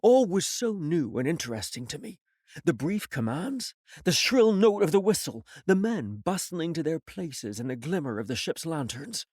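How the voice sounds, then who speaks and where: A man reading an audiobook in a measured storytelling manner. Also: a little high, big pitch swings, darkish tone, dry recording, studio quality. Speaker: audiobook reader. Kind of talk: audiobook narration.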